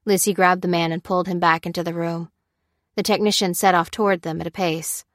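A woman narrating a story in a steady, even storytelling manner. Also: on the low side, brisk, no room sound, studio quality. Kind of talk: scripted narration.

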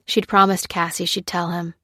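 A woman's voice: on the low side, no room sound. Woman narrating an audiobook, dry close sound. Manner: steady, measured storytelling. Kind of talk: scripted narration.

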